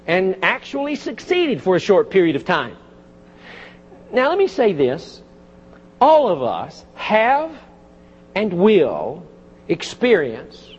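A pastor preaching a sermon, with lively emphasis and folksy asides, recorded in a church. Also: male voice, very high-pitched, slightly rough. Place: church sanctuary. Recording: dull audio with long church reverb.

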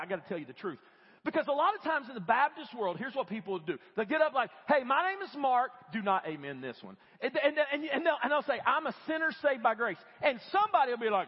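Animated man preaching in a reverberant church. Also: high voice, husky. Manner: animated, conversational, acts out quoted voices. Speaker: guest preacher. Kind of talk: sermon. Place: church sanctuary. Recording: dull lo-fi audio with long church reverb.

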